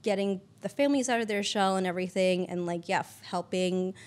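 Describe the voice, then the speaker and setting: A woman's voice: mid-range voice, brisk, darkish tone. A woman producer chatting casually as a podcast guest, peppering her talk with "like" and the odd swear. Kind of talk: casual interview chat.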